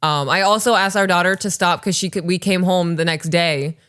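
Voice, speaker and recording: A woman in her thirties co-hosting a podcast, reading listener stories and chatting casually, animated and swearing freely. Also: fairly low pitch, a little fast, smooth. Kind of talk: casual chat and story reading.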